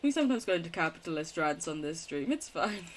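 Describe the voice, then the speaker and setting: A woman's voice: fairly low pitch, very animated, fast. A young woman streaming a game, reading its text aloud and chatting casually, often giggling and swearing. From United Kingdom. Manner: giggly, swears casually, chats with chat between read lines.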